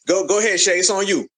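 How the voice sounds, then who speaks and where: A man's voice: high voice, fairly bright tone, slightly rough. A man hosting an audio chat room, hyping up speakers and urging people to talk. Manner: hyped, call-and-response, urging others to speak. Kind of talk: casual hype talk.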